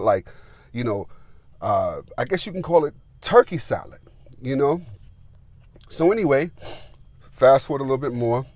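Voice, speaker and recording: A man's voice: medium pitch, dry recording. Rambling man telling a story. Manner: rambling, filler-heavy, animated retelling. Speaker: gardening vlogger. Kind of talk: casual storytelling.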